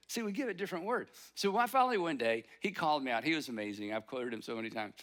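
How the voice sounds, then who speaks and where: A man delivers a sermon in an easy, conversational way. His voice sits high and rings bright and forceful. He slips into quick acted lines of everyday inner talk. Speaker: pastor.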